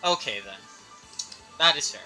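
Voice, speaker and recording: A man's voice: fairly high pitch, expressive, normal speed, bright, forceful tone, faint music behind, low-quality recording. A man playing a tabletop game, chatting in a matter-of-fact way. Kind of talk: casual game chat.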